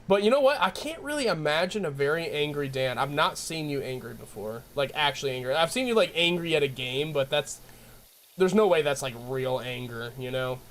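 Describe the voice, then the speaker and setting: Giggly tired Southern man streaming. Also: on the high side. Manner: rambling and giggly, teasing. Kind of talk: casual chat with viewers.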